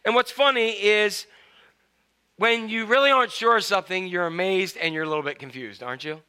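A man preaching a sermon to his congregation, animated and storytelling. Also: high-pitched, a little fast, smooth. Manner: storytelling, animated, with acted-out quotes. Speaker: pastor.

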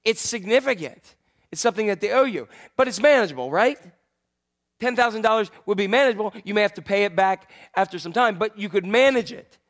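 A male pastor preaching a sermon in a conversational way, asking his congregation questions and moving between loud emphasis and quiet, hushed lines. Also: sits high, animated, brisk.

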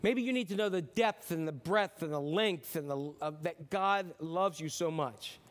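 High-voiced man preaching a casual sermon. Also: normal speed. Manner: conversational preaching with restarts and acted-out voices. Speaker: pastor.

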